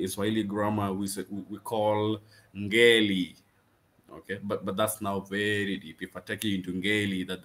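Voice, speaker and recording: Low-voiced man drilling vocabulary. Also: fairly bright tone. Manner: drills words by repeating them, says "okay" constantly; frequent restarts and stammers. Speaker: Swahili teacher. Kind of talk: informal language lesson.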